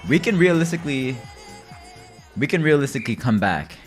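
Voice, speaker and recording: A man's voice: very animated, a little fast, faint music behind. Profane, rambling male game streamer. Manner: profane, loose and rambling, swings from low mutters to loud rants. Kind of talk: casual live-stream chat while gaming. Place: at home.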